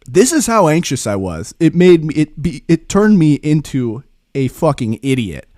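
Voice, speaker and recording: A man's voice: a little high, normal speed, no room sound, studio quality. Guy telling a story on a podcast, laughs a lot, swears, voice all over the place. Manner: animated, laughing, profane. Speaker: podcast host. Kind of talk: casual storytelling.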